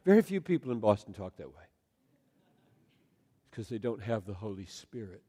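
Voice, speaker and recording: A male pastor preaching a sermon in a large room, swinging from loud emphatic lines to soft, near-whispered ones. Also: lowish voice, sing-song, normal speed. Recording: long hall reverb.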